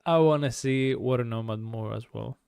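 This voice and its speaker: Male esports caster, gravelly tone, chatty rundowns of picks, dry recording. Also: mid-range voice, normal speed, a little mellow, no echo. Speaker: game caster. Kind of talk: esports play-by-play commentary.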